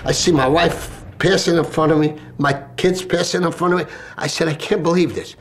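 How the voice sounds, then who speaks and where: A firefighter recalling events in an interview, telling the story vividly and with deep emotion. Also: male voice, steady tone, moderate pace, slight background noise. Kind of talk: recounting in an interview.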